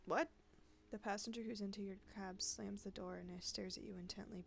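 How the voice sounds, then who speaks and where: A woman's voice: medium pitch, fairly even intonation, normal speed, vocal fry, slight background noise. A woman gamer giving casual, sarcastic commentary while she plays, swearing freely, over game music. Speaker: let's play gamer.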